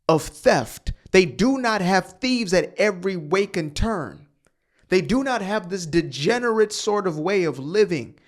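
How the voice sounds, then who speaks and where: A man hosting a commentary channel, ranting heatedly with rhetorical questions and swearing. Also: sits high. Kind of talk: reaction commentary rant.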